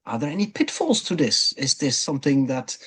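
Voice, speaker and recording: A man's voice: medium pitch, huge pitch swings, fairly quick, a bit bright, husky. A man hosting a webinar discussion and asking his guests questions, talking hesitantly with lots of fillers. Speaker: webinar host.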